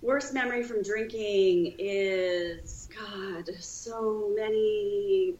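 A woman guest on a podcast, telling her own story with lively, acted-out dialogue. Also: medium pitch, drawn-out words, echoey room, highs cut off, slight background noise. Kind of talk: storytelling in an interview.

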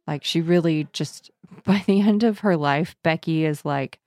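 A woman co-hosting a casual book discussion, animated and laughing often as she retells scenes. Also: deep voice, a little slow, no echo. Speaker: book podcast co-host. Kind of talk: casual chat.

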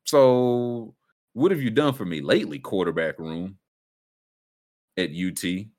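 A man hosting a casual sports talk show, animated and joking, jumping between thoughts. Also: fairly low pitch, a little slow. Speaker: sports podcast host.

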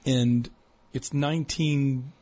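Middle-aged male guest, husky, mid-pitched, animated raconteur. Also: slow. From New Jersey. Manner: animated storyteller, acts out quoted people. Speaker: musician guest. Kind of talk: casual interview chat.

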